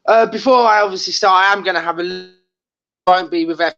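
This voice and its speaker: Guy calling in to rant, high bright voice, muffled lo-fi line. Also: fairly quick. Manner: restless, stumbling restarts. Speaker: caller. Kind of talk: casual ranting on a call. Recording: dull lo-fi call audio.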